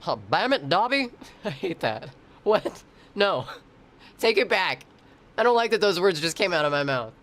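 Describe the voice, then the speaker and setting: A man's voice: sits high, sing-song, measured pace, long pauses, a bit bright. A man streaming and chatting casually with viewers, rambling, swearing freely and laughing often. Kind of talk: casual chat.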